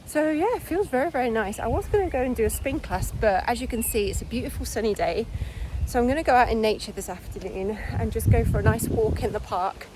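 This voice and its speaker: A woman's voice: on the high side, animated, quick pace, background noise. Candid woman in her forties. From United Kingdom. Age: 40s. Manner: soft, candid and introspective, with sighs. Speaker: junior doctor and vlogger. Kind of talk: reflective vlog talk to camera.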